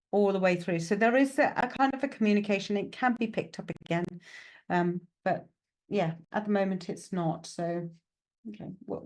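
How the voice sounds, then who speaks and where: Chatty woman medium, fairly high voice. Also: a little mellow. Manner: chatty, reassuring, full of "okay" and "right" fillers; self-mocking, laughs at herself. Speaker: psychic medium. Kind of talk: live mediumship reading, chatty.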